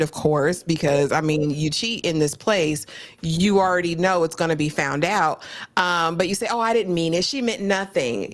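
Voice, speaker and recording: A woman talks through a reality show in a loose, casual chat. Her voice sits low, and she slips into put-on voices when quoting people. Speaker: podcast co-host.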